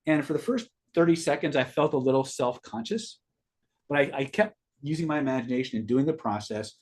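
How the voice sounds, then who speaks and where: A man's voice: mid-range voice, a little mellow. A middle-aged man hosting a live stream, telling a rambling personal story in casual talk and repeating words as he goes. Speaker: host answering live viewers.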